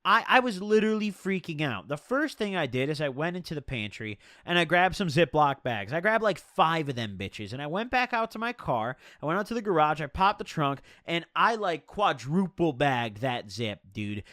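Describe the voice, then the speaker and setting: A man's voice: on the high side, sing-song, moderate pace, hardly any pauses, a bit bright, no echo, studio quality. A young man telling a rambling, profane storytime tale in slangy, casual talk.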